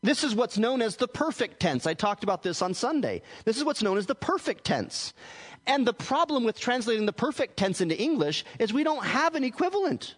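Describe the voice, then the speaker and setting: High-voiced man preaching in a reverberant hall. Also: big pitch swings, brisk. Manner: earnest explaining, restarts words. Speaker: pastor. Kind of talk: teaching sermon.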